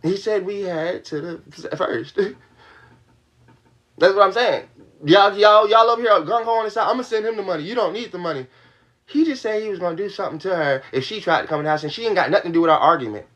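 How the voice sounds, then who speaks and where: A young livestream host vents to his audience in a heated, profane rush, going over his points again and again. His voice sits high, fairly bright, and a little fast.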